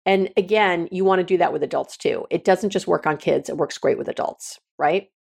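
A middle-aged woman with a slightly low voice talks through advice in a loose, unscripted way. She is blunt and plain-spoken, and she often stops mid-phrase, restarts and repeats herself as she works out examples. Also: brisk, creaky, darkish tone, slightly rough. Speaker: podcast host and counselor. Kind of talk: casual advice talk.

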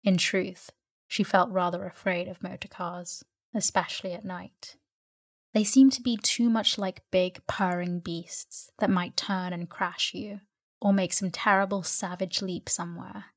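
Lower-voiced woman reading a sleep story. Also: fairly even intonation, a little slow. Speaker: audiobook narrator.

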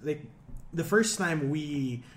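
A man co-hosting a podcast, telling stories in an animated way with halting restarts. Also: fairly high pitch, roomy sound, slight background noise. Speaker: podcast co-host. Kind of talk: casual chat.

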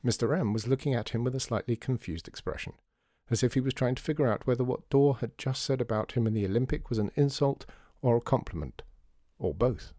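A man narrating a children's storybook in a measured, expressive reading. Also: mid-range voice, dry recording, studio quality.

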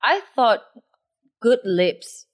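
A young woman co-hosting a podcast, chatting in a relaxed, thoughtful way and laughing easily. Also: fairly high pitch, extremely slow. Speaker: podcast co-host. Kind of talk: casual chat.

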